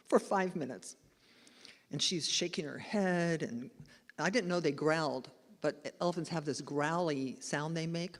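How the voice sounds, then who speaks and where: Woman minister, animated storyteller, laughing easily, long church reverb. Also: low voice, moderate pace. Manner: chatty and animated, laughing as she tells the story. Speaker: spiritual director and minister. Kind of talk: lively storytelling sermon. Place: church sanctuary, live service.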